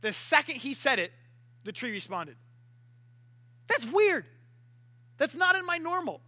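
A young man preaching a sermon, animated and playful, acting out voices and barking to make his point. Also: extremely high pitch, a little slow.

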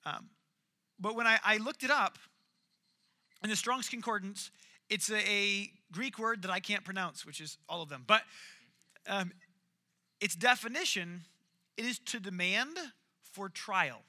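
A man's voice: high-pitched, unhurried, long pauses, pushed and bright. A man preaching a casual sermon, telling stories and acting out the quoted lines. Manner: storytelling, acts out quoted lines.

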